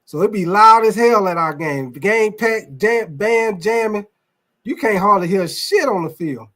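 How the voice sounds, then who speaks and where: A man's voice: high voice, measured pace, fairly bright tone. A man hosting a casual sports talk stream, rambling loosely and swearing while he talks to his viewers. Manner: loose, rambling, profane, addresses viewers as y'all. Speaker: sports show host. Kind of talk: casual live sports talk, reacting to chat.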